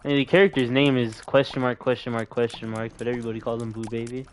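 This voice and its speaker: A man's voice: mid-range voice, little pitch movement, quick pace, a little hiss or hum. Young man, streamer, casual gameplay chat, laid-back, swears casually.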